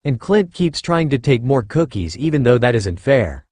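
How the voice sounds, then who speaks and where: A man narrating fan fiction aloud with a gentle, childlike storytelling cadence. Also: medium pitch, big pitch swings, normal speed, dry recording.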